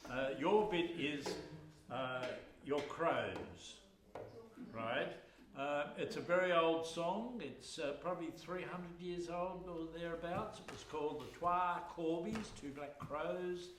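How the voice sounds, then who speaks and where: Slow, rambling man telling yarns on stage. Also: on the high side, noisy background. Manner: rambling, humorous, chatty with fillers. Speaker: folk singer and storyteller. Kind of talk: live yarn-telling between songs. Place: live music hall. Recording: roomy live hall with accordion.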